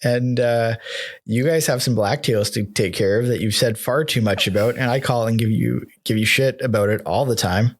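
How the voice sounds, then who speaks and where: A man in his thirties hosts a relaxed podcast conversation, his voice sitting at an ordinary middle pitch. He keeps things loose and playful, cracking jokes and laughing along with his guest. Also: moderate pace. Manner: laid-back, jokey, laughs often. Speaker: podcast host. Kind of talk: casual podcast chat.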